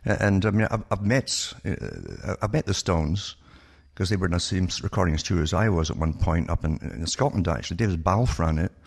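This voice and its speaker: Deep, gravelly older man. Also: sing-song, a little fast. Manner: knowing, matter-of-fact storytelling. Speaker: radio guest. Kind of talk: conversational radio interview.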